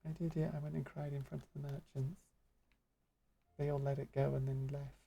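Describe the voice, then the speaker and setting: Woman streamer, deadpan little asides, very dark gravelly voice, husky. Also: rumbling low, moderate pace, slight background noise. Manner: dry, wry asides. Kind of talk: casual gameplay commentary.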